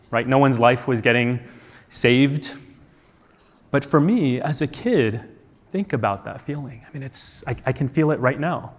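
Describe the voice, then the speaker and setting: A man from the United States telling a personal story on stage at a conference, earnest and reflective, with many rhetorical questions. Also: mid-range voice. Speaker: conference speaker. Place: large conference hall. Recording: long hall reverb.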